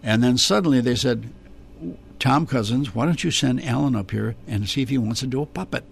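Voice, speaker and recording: Gravelly older man telling old TV stories. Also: medium pitch, brisk, slight background noise. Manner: animated storyteller, slips into character voices and laughs often. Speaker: interview guest, former children's TV performer. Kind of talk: reminiscing interview.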